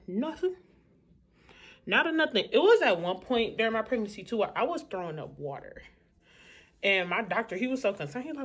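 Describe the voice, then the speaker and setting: A woman's voice: medium pitch, big pitch swings, normal speed. A woman vlogging in a casual, candid chat, talking straight to her viewers.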